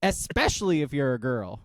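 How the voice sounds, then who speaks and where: A middle-aged man co-hosting a podcast in casual chat, animated, laughing often and swearing freely. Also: medium pitch, normal speed, over loud music. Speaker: podcast co-host.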